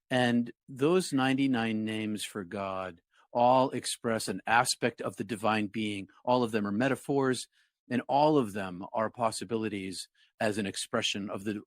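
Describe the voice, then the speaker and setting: A man's voice: on the low side, dry recording, studio quality. A man in his sixties, a guest telling a personal story in an earnest, reflective way. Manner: earnest, reflective, acts out his own past words. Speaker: interview guest.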